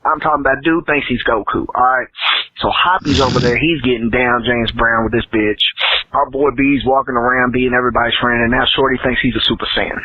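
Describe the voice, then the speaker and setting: A man's voice: mid-range voice, steady tone, a little fast, breathy edge, no echo. A man calling in and telling a rambling, profane story on a voicemail. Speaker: caller. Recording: tinny phone-line voicemail.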